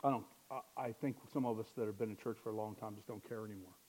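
A man's voice: fairly low pitch, steady tone, quick pace, a little mellow. A man preaching a sermon in a conversational way, asking rhetorical questions and joking at his own expense. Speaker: pastor.

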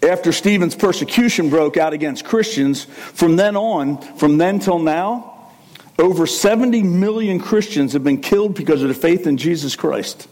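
A male pastor preaching a sermon in an animated, conversational way, with asides and self-corrections. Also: a little high, normal speed.

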